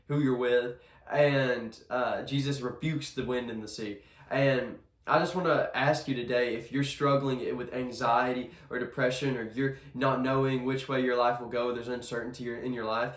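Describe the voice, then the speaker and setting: A man giving a casual devotional sermon in a chapel, earnest and conversational, often restarting his sentences. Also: mid-range voice. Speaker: devotional speaker. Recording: echoey room.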